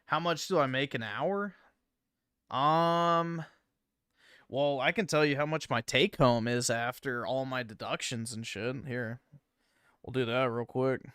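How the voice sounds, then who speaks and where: Brief: male streamer, smooth and dry close sound, laid-back casual chat with mumbled asides. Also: mid-range voice, a little slow, fairly bright tone, dry recording. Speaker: livestream host.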